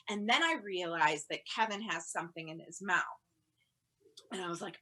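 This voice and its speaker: A woman tells a comic story at home over a video call, her voice bright and forceful. She rambles, fills every gap with "like", and suddenly yells her quoted lines. Her pitch sits in an ordinary middle range. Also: expressive, normal speed. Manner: chatty and rambling, heavy on "like", bursts into loud yelled quotes. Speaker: stand-up comedian.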